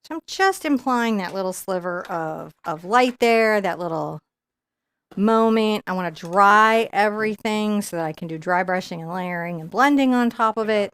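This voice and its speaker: A woman's voice: mid-range voice, animated, moderate pace, a bit bright, smooth. A middle-aged woman teaching a live painting lesson, chatty and rambling, laughing now and then. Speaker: painting instructor.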